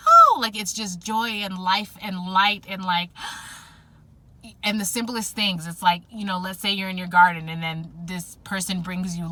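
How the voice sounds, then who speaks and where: A woman's voice: medium pitch, fairly bright tone. A woman giving a casual tarot reading to viewers, rambling with frequent fillers and self-corrections. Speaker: tarot reader.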